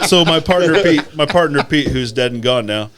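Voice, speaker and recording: A man's voice: fairly high pitch, lively intonation, normal speed, a bit bright. A man co-hosting a casual podcast, telling trucking stories in a profane, rambling way and laughing as he goes. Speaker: podcast co-host, truck driver. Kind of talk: casual storytelling chat.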